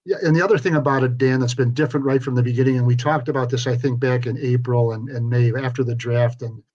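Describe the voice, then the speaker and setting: A man's voice: medium pitch, steady tone, fast, a little mellow, lo-fi sound. An older man co-hosting sports radio, telling stories in a dry, wry way. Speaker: sports reporter and co-host. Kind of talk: casual sports radio chat.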